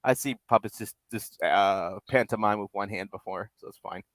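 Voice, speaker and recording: A man's voice: fairly low pitch, moderate pace, no echo. A man hosting a live puppet-building stream, chatting casually and rambling, repeating himself and chuckling. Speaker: puppet-building livestream host. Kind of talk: casual chat while building. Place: home workspace.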